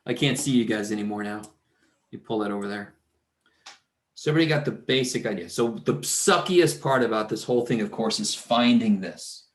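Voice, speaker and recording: Muttering male math teacher, echoey room. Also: mid-range voice. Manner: talks to himself while working, mutters and curses under his breath. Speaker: math instructor. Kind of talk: recorded classroom lecture.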